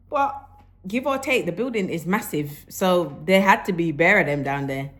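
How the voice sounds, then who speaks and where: Give me a woman vlogging casually at home, animated, slipping into patois. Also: fairly low pitch, normal speed. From Jamaican roots. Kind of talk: casual vlog chat.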